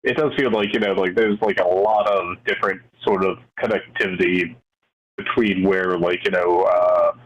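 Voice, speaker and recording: A very deep-voiced American man hosts a casual talk and speaks haltingly, filling his sentences with "like". The recording is dull and lo-fi. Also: fairly even intonation. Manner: halting, many fillers like "like". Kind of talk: casual conversation. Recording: dull lo-fi audio.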